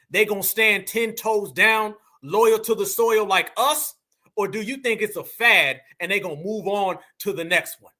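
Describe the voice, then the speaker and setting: A man's voice: high voice, sharp tone. A man from the United States with an African American English accent, hosting reaction commentary in a blunt, preachy way and calling his viewers family. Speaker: commentary channel host.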